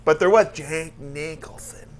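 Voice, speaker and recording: A man's voice: fairly high pitch, measured pace. A man co-hosting a comedy talk show, joking around in loose banter and laughing often.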